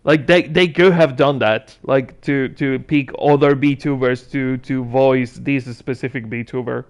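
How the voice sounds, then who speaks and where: A man's voice: medium pitch, steady tone, unhurried. A man giving casual gameplay commentary as a streamer, chatting and muttering asides to himself with dry sarcasm. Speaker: gaming streamer.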